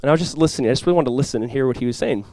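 Speaking fast at a medium pitch, a male pastor recounts a personal story in his sermon with a relaxed, gently humorous manner. He prays quietly and sincerely, and the recording is dry.

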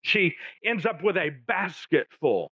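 A man's voice: high voice, very animated, measured pace, fairly bright tone, breathy edge, no echo. A male pastor, preaching a sermon and retelling a story with jokey asides. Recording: dull, dry, lo-fi.

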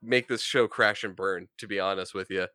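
A man co-hosts a casual podcast chat with a bright, sharp tone. He is blunt and sarcastic, and his voice sounds dry and close to the mic. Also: sits low, steady tone, normal speed, dry recording. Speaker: podcast co-host.

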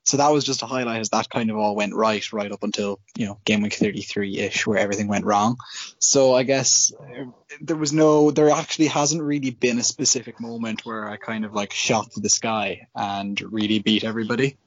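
A man's voice: fairly low pitch, steady tone, a little fast, dry recording. A man with an Irish accent, a podcast guest chatting loosely and hedging with fillers. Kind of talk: casual chat. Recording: dry lo-fi line.

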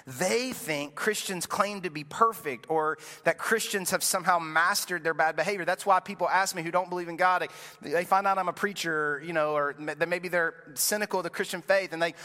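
Pastor guy preaching, chatty and jokey, bright voice, reverb from a big hall. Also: sits high, brisk. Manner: casual storytelling, self-deprecating jokes. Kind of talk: sermon. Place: church sanctuary. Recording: long reverb from a large room.

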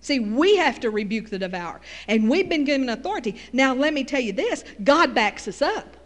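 A woman's voice: sits high, sing-song, a little fast, in a large hall. A middle-aged woman with a Texas Southern accent, preaching a folksy sermon with call-and-response asides.

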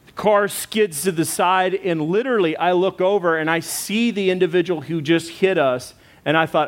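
Middle-aged pastor, slightly high voice, animated sermon storyteller. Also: male voice, moderate pace.

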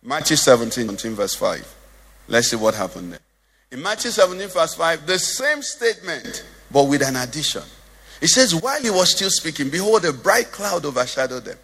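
Lively, husky preaching man in a church hall. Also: fairly high pitch, normal speed. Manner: preaching with a sing-song lilt, asking the congregation questions. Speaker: pastor. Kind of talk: sermon.

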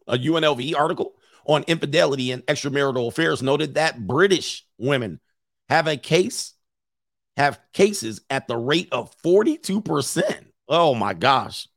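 A man hosting a casual commentary show, reacting to a list with jokes and loud exclamations. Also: mid-range voice, no echo, clean studio sound.

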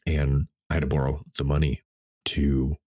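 Very deep-voiced man in his fifties. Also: level tone, darkish tone, husky. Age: 50s. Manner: candid and emotional, swears freely, halting restarts. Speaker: podcast host. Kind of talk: solo reflective podcast monologue. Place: home desk in front of a computer.

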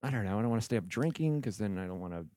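Low-voiced young man, self-mocking. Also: animated, rapid-fire, warm tone, dry recording, clean studio sound. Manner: laughs often, self-mocking. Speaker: podcast host. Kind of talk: casual chat. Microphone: podcast microphone.

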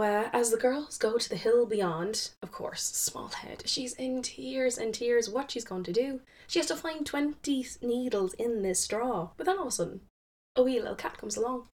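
A woman casually retelling a folktale, chatty, with fillers and quick self-corrections. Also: medium pitch, a little mellow. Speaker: storyteller.

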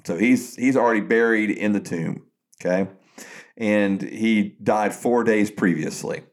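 Man retelling a story, halting and conversational. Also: on the low side. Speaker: podcast co-host. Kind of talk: casual faith discussion.

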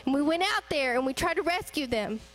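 A woman's voice: high-pitched, expressive, brisk, a bit bright, faint music behind, rough recording. A young woman giving a conversational sermon, asking the congregation rhetorical questions. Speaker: church speaker.

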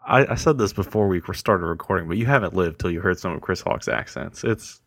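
A man's voice: low-pitched, animated, a little fast, creaky, a bit bright, no room sound. A man co-hosting a casual podcast, enthusiastic in his remarks. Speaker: co-host.

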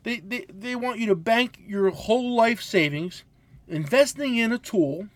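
A man in his forties co-hosting a casual podcast, telling loud, profane stories. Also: very high voice, a little slow, no room sound. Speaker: podcast co-host, mechanic.

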